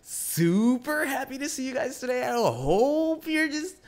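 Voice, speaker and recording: A man's voice: very high-pitched, big pitch swings, measured pace, voice pushed up, exaggerated voice. A man mimicking a fake, overly bubbly person who gushes a greeting in an exaggerated, squealing way.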